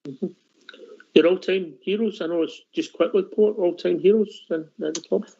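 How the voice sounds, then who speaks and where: A man's voice: high-pitched, normal speed, gravelly, mellow. A man hosting a radio phone-in show, bantering casually with callers over dull lo-fi audio. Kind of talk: casual chat.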